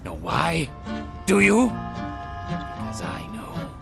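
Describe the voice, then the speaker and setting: A woman's voice: fairly low pitch, very animated, extremely slow, gravelly, music in the background, heavily acted. A woman voicing a resentful, secretive game character who coaxes the listener into revenge in a menacing whisper.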